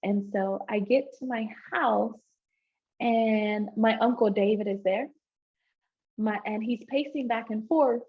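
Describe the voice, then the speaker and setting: A woman giving a personal testimony to a live audience, telling her story conversationally and often checking in with "right?". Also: fairly high pitch. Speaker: speaker sharing a personal testimony. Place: live event in front of an audience. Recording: dull, lo-fi live event recording.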